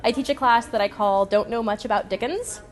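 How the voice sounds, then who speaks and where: A woman's voice: on the high side, fairly quick. A woman who teaches workshops, talking enthusiastically about performing at a fair.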